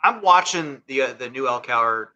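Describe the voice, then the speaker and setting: A man as a player in a tabletop game, speaking calmly and measured. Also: mid-range voice, highs cut off, slight background noise. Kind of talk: casual tabletop game chat.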